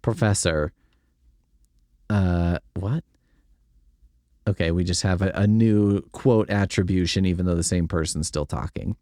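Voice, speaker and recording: A man's voice: low voice, unhurried, pauses often, warm tone, no room sound, clean studio sound. A male podcast host reading a silly story aloud and breaking off into sarcastic, incredulous comedic commentary, swearing casually.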